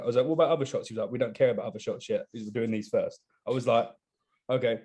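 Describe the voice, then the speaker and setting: A bodybuilder telling stories on a podcast, acting out what others said to him. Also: male voice, medium pitch, rapid-fire, husky. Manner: animated storyteller acting out quotes. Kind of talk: casual podcast storytelling.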